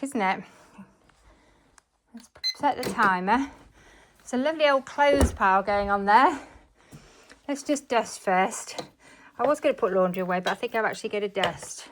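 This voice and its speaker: A woman's voice: fairly high pitch, background noise. Chatty woman vlogging while cleaning. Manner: chatty, thinks aloud, self-mocking asides. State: slightly out of breath. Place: home, indoors. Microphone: phone worn on a chest harness.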